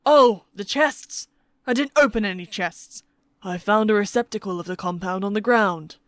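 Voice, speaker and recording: A woman's voice: medium pitch, normal speed, dry recording, close to an everyday voice. A woman doing a vague, forgetful older man. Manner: vague, rambling.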